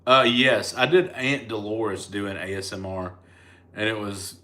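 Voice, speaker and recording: A man's voice: lowish voice, fairly even intonation, a little slow, sharp tone. A man with a Southern US accent, a comedian casually chatting live with his fans and answering their comments in a laid-back, rambling way. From United States.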